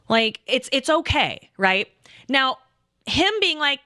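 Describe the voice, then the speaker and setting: A woman in her thirties telling a rambling, animated story in casual chat, swearing often and acting out what people said. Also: high voice, slow pace, dry recording, studio quality. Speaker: storyteller recounting a game night.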